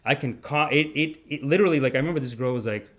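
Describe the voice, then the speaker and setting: A man's voice: mid-range voice, fast. A man hosting a comedic livestream, rambling in a mock-preachy, profane manner. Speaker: podcast host.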